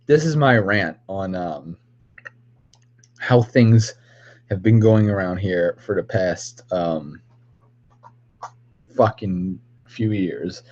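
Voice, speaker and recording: A man's voice: deep voice, slow pace, pauses often, darkish tone, lo-fi sound. A man on a casual livestream, rambling and ranting with constant profanity at his viewers. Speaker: streamer.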